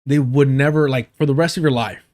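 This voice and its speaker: Here a man comments on clips during a livestream, full of profanity and scorn for his subjects, whom he parodies with exaggerated voices. He talks fairly quickly at a medium pitch, with a darkish tone and fairly even intonation.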